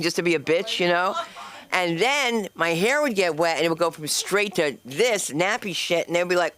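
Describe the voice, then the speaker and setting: Woman comic hosting an open mic night, loud and teasing with the crowd, smooth, clear voice. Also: lowish voice, fairly quick, dry recording. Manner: brash, chatty, teases the audience. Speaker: open mic host and comedian. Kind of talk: stand-up comedy. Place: comedy club stage. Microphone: handheld microphone.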